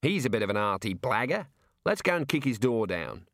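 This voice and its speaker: A blunt, grumbling old wizard speaks in a slightly lowered, plain voice with dry delivery, as a male narrator puts him on. The sound is close and dead. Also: sing-song, a little fast, fairly bright tone, no room sound.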